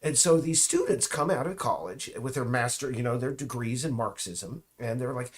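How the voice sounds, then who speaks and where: A man with an ordinary-pitched voice rambles through a loose monologue at a moderate pace, barely pausing, his intonation lively. He frequently stops and starts over, drifts into asides, and threads dry, mocking remarks throughout.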